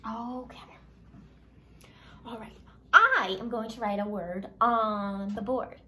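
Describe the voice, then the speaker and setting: Slow, bright-voiced woman teaching phonics. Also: a little high, fairly even intonation. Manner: slow, exaggerated sounding out of letters; encouraging, upbeat prompting. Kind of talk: phonics lesson for young children.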